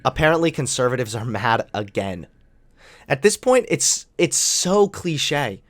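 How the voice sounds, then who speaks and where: A man's voice: medium pitch, very animated, a little slow, a bit bright. Sarcastic, profane young male commentator. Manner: sarcastic, profane, mock-outraged ranting. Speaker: political commentary YouTuber.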